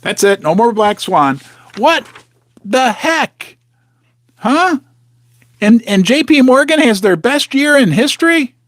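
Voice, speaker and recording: A man's voice: very high-pitched, very animated, slow pace, pauses often, fairly bright tone, no echo, clean studio sound. A man hosting a casual, rambling commentary from his basement, talking straight to his viewers with sarcastic asides and muttering to himself. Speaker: host of a precious metals channel. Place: home basement.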